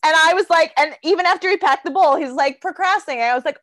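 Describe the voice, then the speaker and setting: A woman with a high voice recounts a date in a blunt, profane way, switching between her own lines and the other person's as she acts out the dialogue. The sound is dry and close, with no room around it. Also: quick pace, fairly bright tone, no echo. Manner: frank and profane, acts out both sides of dialogue. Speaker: podcast host. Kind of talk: candid comedic storytelling.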